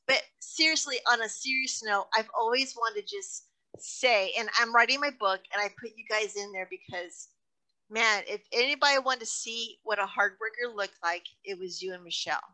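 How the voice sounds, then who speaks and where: Bright-voiced, effusive woman host. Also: on the high side, rough recording. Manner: effusive, animated, fast bursts of speech. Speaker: podcast host. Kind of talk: casual interview chat.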